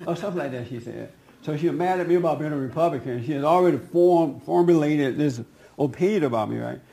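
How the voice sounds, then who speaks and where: A middle-aged man telling a casual personal anecdote, animated and laughing, raising his voice when he quotes people. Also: fairly high pitch, fast, creaky. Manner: animated, laughing, quoting others in a raised voice. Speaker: storyteller.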